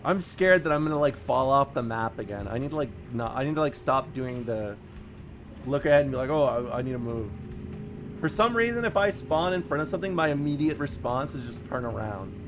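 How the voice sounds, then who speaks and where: A man chatting casually while streaming a video game, rambling and joking with sudden excited yelps. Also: mid-range voice, a little fast, noisy background. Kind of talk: casual gameplay commentary.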